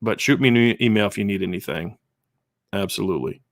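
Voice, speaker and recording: A man hosts a live stream, reading viewer comments aloud and responding in casual, earnest, conversational chat with frequent restarts. He talks fast in a fairly low voice with vocal fry, and the recording is dry and studio quality.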